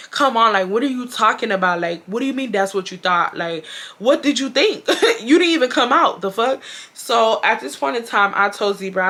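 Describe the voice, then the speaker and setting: A young woman from Houston with a Texas twang and a bright, sharp voice. She tells a story to camera in a loose, slangy and profane way. She acts out each quoted line with lively emphasis. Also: medium pitch. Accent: Southern US, Texas. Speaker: storytime vlogger.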